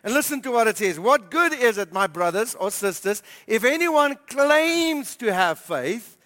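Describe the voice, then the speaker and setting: A man preaching as pastor, emphatic and repeating key phrases, slowing down to stress scripture. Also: very high-pitched, sing-song, bright, forceful tone, long reverb tail. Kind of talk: sermon. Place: church hall.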